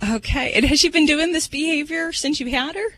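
A woman's voice: high-pitched, fairly quick, low-quality recording. A woman veterinarian answering a caller on a radio show, chatty with lots of "um"s. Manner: warm, chatty, says um a lot. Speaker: veterinarian guest. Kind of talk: explaining on a call-in radio show.

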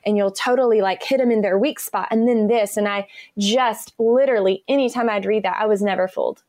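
A woman's voice: mid-range voice, fairly quick, a little mellow, no room sound, clean studio sound. An enthusiastic woman, chatting as an interview guest and laughing often. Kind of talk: conversational interview.

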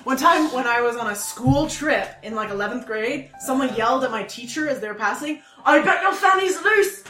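A woman playing a tabletop game, chatty and laughing as she tells stories, in an echoey room with loud music. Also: fairly high pitch, a little fast. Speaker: player. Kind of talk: casual tabletop game chat.

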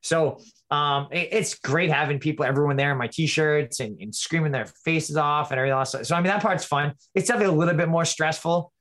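A man's voice: fairly high pitch, brisk, hardly any pauses, fairly bright tone. A man talking as a guest in a casual interview, rambling with lots of restarts and fillers. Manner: rambling, many restarts and "you know". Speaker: fighter, guest.

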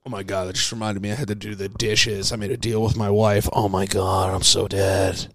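A man hosting a comedy podcast, rambling playfully with plenty of swearing and now and then dropping to a hushed voice. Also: lowish voice, little pitch movement, a little fast, dry recording, studio quality. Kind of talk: improvised comic singing and rambling chat.

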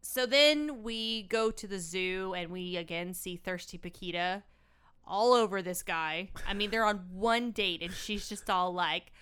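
Smooth-voiced woman chatting casually. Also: mid-range voice, a bit bright. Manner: chatty plot recap, lots of 'like' and quick asides. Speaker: podcast co-host. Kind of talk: casual film discussion podcast.

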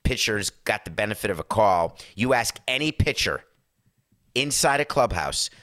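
A middle-aged man with a hoarse voice, ranting emphatically and sarcastically as a sports talk show host. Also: on the low side, expressive, normal speed, a bit bright, no echo, studio quality. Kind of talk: impassioned talk-show rant.

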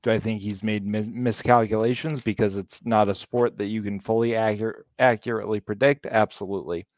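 A man's voice: on the low side, fairly even intonation, darkish tone, dry recording, highs cut off. A man co-hosting a football podcast in casual chat, emphatic and opinionated. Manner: emphatic and opinionated, quick to laugh. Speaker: podcast producer and co-host.

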